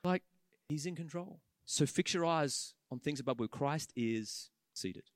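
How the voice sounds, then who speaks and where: A man preaching a sermon in church, animated and conversational, acting out the voices of the people he talks about. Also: fairly high pitch, unhurried, no room sound, studio quality.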